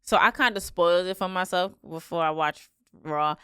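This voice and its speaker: A woman's voice: lowish voice, normal speed, clean tone, dry recording. Dry-voiced woman co-hosting a casual chat. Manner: lively storytelling, acting out quoted lines. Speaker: podcast co-host.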